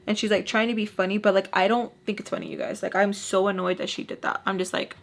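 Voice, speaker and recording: A woman's voice: mid-range voice, level tone, fast. A young woman telling a casual storytime, chatty and exasperated, with lots of "like" and the odd Spanish phrase dropped in. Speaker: storytime vlogger.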